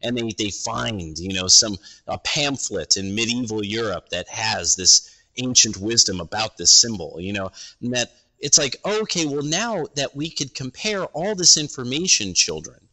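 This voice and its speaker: A man's voice: mid-range voice, lively intonation, normal speed, sharp tone, rough recording. A man talking on a podcast in a casual, rambling way, often breaking off and restarting his thoughts.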